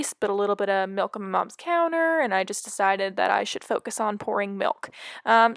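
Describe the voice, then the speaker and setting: A woman's voice: medium pitch, fairly bright tone, no room sound. A young woman narrating a cooking vlog in a casual voice-over, breezy and self-mocking with frequent fillers. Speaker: vlogger. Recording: dry close voice-over.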